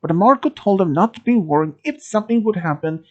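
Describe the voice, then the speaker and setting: A storyteller from Sweden telling a first-person horror story, halting, with restarts and phrasing. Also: mid-range voice, expressive, darkish tone, dull audio. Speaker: channel host telling a story.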